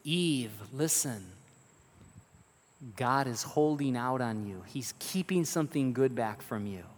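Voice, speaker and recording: A preacher voicing a sly male devil, speaking low and coaxing. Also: animated, slow pace. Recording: long reverb of a large hall.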